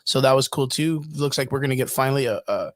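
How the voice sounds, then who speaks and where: A man's voice: mid-range voice, quick pace, a crowd in the background. A man co-hosting a casual podcast chat, easygoing and hedging his points with fillers. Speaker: podcast co-host.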